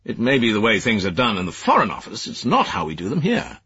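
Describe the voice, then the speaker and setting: A man's voice: fairly low pitch, huge pitch swings, quick pace, bright, forceful tone, husky, no room sound, lo-fi sound, pitched above the performer's own voice, heavily acted. A man voicing a stern older former soldier, a senior private secretary who speaks in clipped, commanding, disapproving tones.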